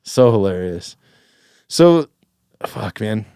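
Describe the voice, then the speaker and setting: A man's voice: lowish voice, sing-song, takes it slowly, dark tone, clean tone, dry recording, studio quality. A man in his thirties hosting a podcast, telling stories in casual chat with lots of dude and swearing. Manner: swears freely, says dude a lot. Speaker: podcast host.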